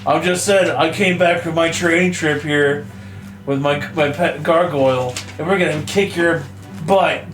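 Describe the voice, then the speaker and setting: Guy doing a bratty kid bully, whiny and high, music faint behind. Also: steady tone, measured pace, fairly bright tone, roomy sound. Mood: bragging. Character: boastful boy rival with a pet gargoyle.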